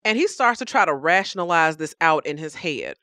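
A woman's voice: low voice, expressive, a little fast, sharp tone, dry recording, clean studio sound. A woman teaching the Bible on a podcast, emphatic and speaking to her listeners as believers.

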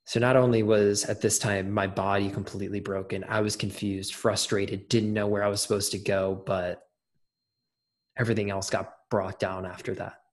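A man's voice: on the low side, little pitch movement, moderate pace. A young adult man, an interview guest, telling a personal story in casual conversation, with many fillers and restarts.

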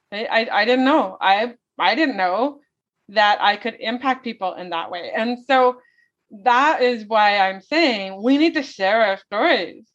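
A woman's voice: on the high side, fairly bright tone. A woman speaking as an interview guest, telling her story in an earnest, heartfelt way. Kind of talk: interview conversation. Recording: dull lo-fi audio.

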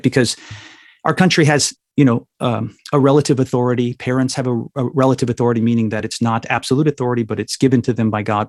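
A reflective man talks through theology in an easy conversational tone, often pausing to check in with a quick question. His voice sits at a middle pitch, and the recording is dry and close. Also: darkish tone, no echo. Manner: reflective, explanatory, frequent "right?" tag questions. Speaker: guest, minister.

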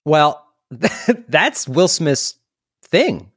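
A man's voice: fairly high pitch, big pitch swings, drawn-out words, breathy edge, no echo, studio quality. A man co-hosting a podcast, chatting casually and laughing often. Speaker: podcast co-host. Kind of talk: casual chat.

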